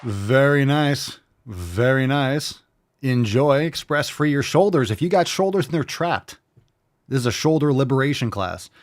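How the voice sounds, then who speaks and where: A man's voice: medium pitch, expressive, normal speed. A man hosting a fitness show in casual livestream chat, brash and joking, swearing freely.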